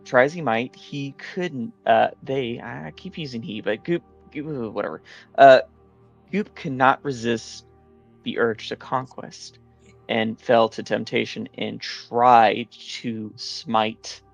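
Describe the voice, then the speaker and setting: A man with a gravelly voice at an ordinary pitch, casually recapping the last session of a tabletop game. He rambles along with many fillers and false starts. Soft music plays behind him. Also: takes it slowly.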